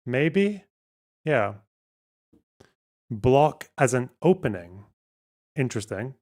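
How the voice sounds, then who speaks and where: Slow, muttering male streamer. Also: medium pitch, very animated, darkish tone. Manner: slow, muttering, trails off and swears casually. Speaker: livestream host. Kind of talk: casual livestream, thinking aloud over a word puzzle.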